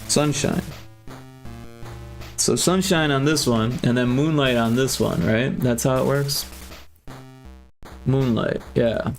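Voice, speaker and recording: A man's voice: medium pitch, slow, gravelly, long pauses, faint music behind. Rambling man chatting on a livestream. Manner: rambling, thinks aloud with many fillers. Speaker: streamer and game developer. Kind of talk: casual livestream chat.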